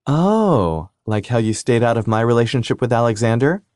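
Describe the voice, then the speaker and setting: A man's voice: on the low side, lively intonation, brisk, warm tone, no room sound, clean studio sound, voice pushed up, close to an everyday voice. A man voicing a cheerful, teasing young woman in an audiobook, a playful sister. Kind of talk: audiobook character reading.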